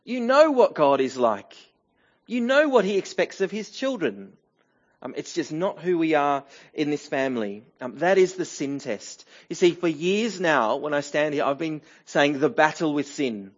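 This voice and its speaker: A middle-aged man preaches a sermon in a church, his voice pitched a little high for a man. He talks conversationally, often pausing with fillers and starting phrases over. The recording sounds somewhat dull and lo-fi. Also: sing-song. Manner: conversational, with frequent fillers and restarts. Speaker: pastor.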